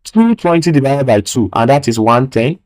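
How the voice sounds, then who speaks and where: A man with a mid-range voice gives a recorded physics lesson. He stresses key words slowly and repeats each point. He keeps prompting his students with rhetorical "what?" questions. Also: mid-range voice, expressive, darkish tone, rough recording. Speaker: physics teacher. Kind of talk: recorded video lecture.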